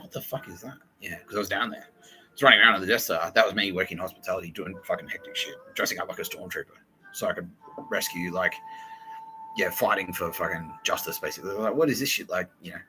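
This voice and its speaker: A man's voice: low-pitched, bright, forceful tone, rough recording. A man hosting a podcast in a profane, rambling monologue, laughing and acting out quotes. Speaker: podcast host.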